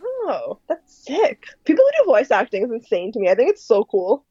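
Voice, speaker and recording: A woman's voice: fairly high pitch, huge pitch swings, normal speed, darkish tone, breathy edge, dry recording, lo-fi sound. Bubbly young woman podcast guest. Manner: bubbly, giggly, self-deprecating. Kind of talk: casual podcast chat.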